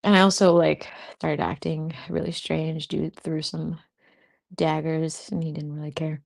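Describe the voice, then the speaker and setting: A woman chatting casually on a livestream, laughing often as she reacts to what viewers say. Her voice sits low with a gravelly fry running through it. She talks like a spiritual host among friends. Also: flat delivery, unhurried, darkish tone. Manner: giggly, laughs often between remarks.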